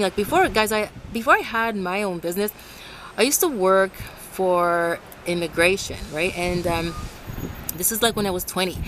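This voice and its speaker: A woman's voice: medium pitch, poor audio. Chatty woman vlogging in the rain. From Ecuador. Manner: rambling, restarts often, animated when quoting others. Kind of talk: casual talk to camera. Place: outdoors in the rain and wind, urban street. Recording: faint outdoor traffic noise.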